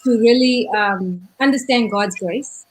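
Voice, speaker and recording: A woman co-hosting a casual talk show over a video call, speaking English with an accent, talking fast and rolling her R's when excited. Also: a little high, poor audio. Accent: non-native English accent. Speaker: co-host. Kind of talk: casual chat.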